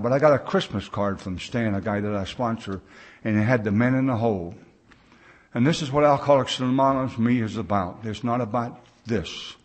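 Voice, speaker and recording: An older man with an American accent, speaking at a mid-range pitch, tells his recovery story to a large gathering. He is plain-spoken and folksy. He slips into the voices of the people he quotes. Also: a little mellow. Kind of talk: personal recovery story told to a conference crowd.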